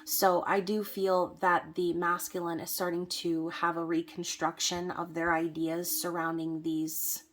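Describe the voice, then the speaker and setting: Woman, tarot reader, lower voice, flat delivery, chatty, frequent check-ins with the viewer. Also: unhurried, hardly any pauses. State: hiccups. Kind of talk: casual tarot reading to camera.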